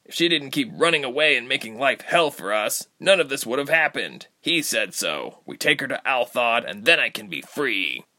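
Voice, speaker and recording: A man's voice: medium pitch, very animated, normal speed, few pauses, bright, forceful tone, pitched above the performer's own voice. A man voicing a resentful, volatile young male soldier with lightning powers. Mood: bitter.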